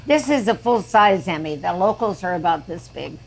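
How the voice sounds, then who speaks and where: A woman in her eighties, a guest singer, telling lively show-business stories in a chatty way. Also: fairly low pitch, normal speed, creaky, slight background noise, rough recording. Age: 80s. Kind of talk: anecdotal storytelling.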